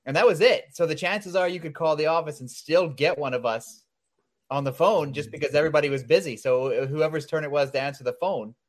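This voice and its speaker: Male guest, slightly high voice, blunt straight-talking storyteller who chuckles. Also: brisk. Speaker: comics publisher guest. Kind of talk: casual chat.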